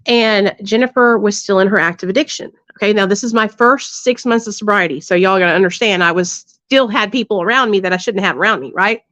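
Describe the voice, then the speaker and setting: A woman's voice: medium pitch, brisk, hardly any pauses, a bit bright, dry recording. A woman, telling her recovery story casually and bluntly, with plenty of swearing and asides to her listeners. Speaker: livestream host sharing her recovery story. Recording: dull, slightly lo-fi dry sound.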